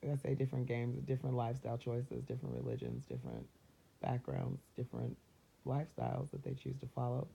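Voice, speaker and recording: A woman talking casually and upbeat about mindfulness and positive thinking, chatty, laughing often and slipping into quick acted-out voices. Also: extremely low pitch, expressive, vocal fry, dark tone, slight background noise. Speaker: self-help vlogger. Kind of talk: casual motivational talk. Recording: dull lo-fi recording.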